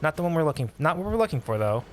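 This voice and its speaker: A man hosting a casual livestream, reading and answering chat with upbeat, animated talk and frequent laughs. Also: a little high, racing, faint music behind. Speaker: livestream host.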